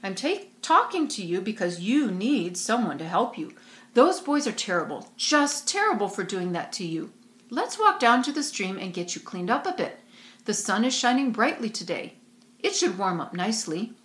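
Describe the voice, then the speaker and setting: A woman voicing a kind, gentle talking spider who soothes a frightened girl, in a roomy recording. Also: mid-range voice, sing-song, moderate pace. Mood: soothing. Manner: soothing, motherly. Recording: roomy echo.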